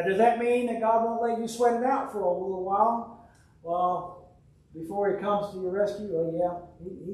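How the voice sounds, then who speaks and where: A man teaches a Bible study in a relaxed, folksy manner, reading verses and quoting hymns between asides. His voice sits fairly high for a man. He is heard from a distance across a very echoey church room. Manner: folksy, conversational, reads scripture aloud and quotes hymns. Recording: very echoey room, speaker far from mic.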